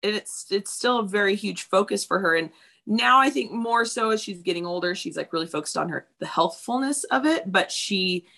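A woman's voice: medium pitch, normal speed, vocal fry, sharp tone. A woman in her thirties talking candidly in casual chat, swearing freely and acting out what people said.

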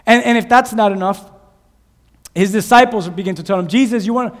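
A man preaching a sermon, animated, acting out shouted voices from Bible stories. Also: sits high, fairly quick. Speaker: pastor. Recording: long hall reverb.

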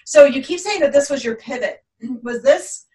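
A woman's voice: high voice, animated, normal speed, darkish tone, far from the mic. A woman hosting a podcast, chatting casually and eagerly with her guest. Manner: enthusiastic, encouraging. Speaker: podcast host. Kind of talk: casual interview chat.

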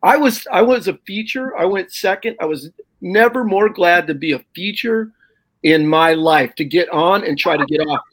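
A middle-aged man, a stand-up comedian, telling animated, salty road stories in casual conversation. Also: high-pitched, normal speed. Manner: animated anecdote with profanity and quoted voices. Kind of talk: casual storytelling on a podcast.

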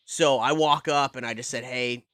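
A man's voice: mid-range voice, steady tone, normal speed, pushed and bright, no room sound, studio quality. A man co-hosting a horror podcast, telling a celebrity anecdote in casual, swearing chat. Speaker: podcast host.

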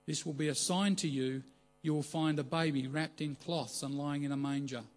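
A man reading an excited, proclaiming angel. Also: fairly high pitch, normal speed, natural voice. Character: jubilant male angel messenger.

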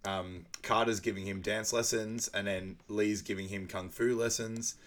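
Male podcast co-host, lowish voice, chatty movie recap, laughs a lot. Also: steady tone, moderate pace. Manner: laughs often, acts out quoted lines loudly. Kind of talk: casual movie recap chat.

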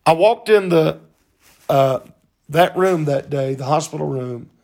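A man telling a personal story in a slow, halting, earnest way, with frequent pauses. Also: on the high side, gravelly, darkish tone.

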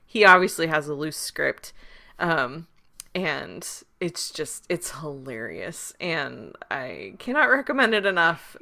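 A woman co-hosting a podcast in relaxed casual chat, rambling with fillers and laughs. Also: low voice, slow pace, vocal fry. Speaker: podcast co-host. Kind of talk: casual chat, recommending a show.

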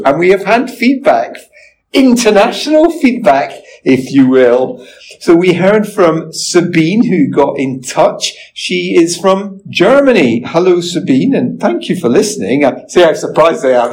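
A man's voice: fairly high pitch, darkish tone, low-quality recording. A man in his forties hosting a podcast in casual, self-mocking chat with lots of restarts. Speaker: podcast host.

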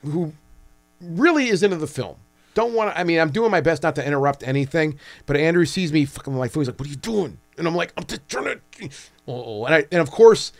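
A man's voice: a little high, expressive, quick pace. A man on a podcast, telling a funny story in casual chat, acting out the dialogue and swearing freely.

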